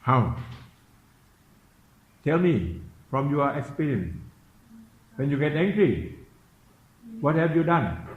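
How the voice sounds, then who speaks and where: A man giving a Buddhist dharma talk, slowly and repetitively questioning his listeners in simple English. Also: a little high, very animated. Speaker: Buddhist meditation teacher. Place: temple teaching hall. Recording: echoey, dull room recording.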